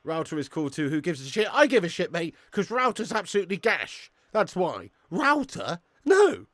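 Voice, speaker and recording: A man's voice: sits high, wildly swooping pitch, unhurried, fairly bright tone, no echo, clean studio sound. A young man hosting a live football watch-along who chats, swears and laughs, bantering with viewers in the chat.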